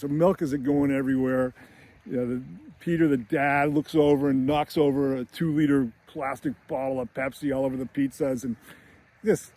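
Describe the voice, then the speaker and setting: A man's voice: medium pitch, a little mellow. A man casually retelling a film scene in a chatty way, laughing often and using many fillers. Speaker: screenwriting commentator.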